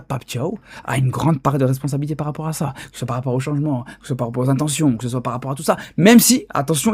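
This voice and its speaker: A man's voice: mid-range voice, darkish tone, breathy edge, no echo. A man from Belgium giving opinionated football commentary, insistent and talking straight to his viewers. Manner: insistent, addresses viewers directly. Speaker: football commentator on social media.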